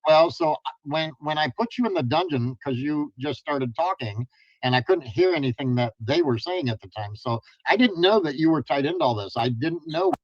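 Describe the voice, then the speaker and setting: A male livestream host talks in a halting way, full of fillers and restarts. The audio is dull and lo-fi. The sound is dry and close. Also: on the high side, expressive, no echo. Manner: hesitant, halting, many fillers. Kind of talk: casual livestream talk.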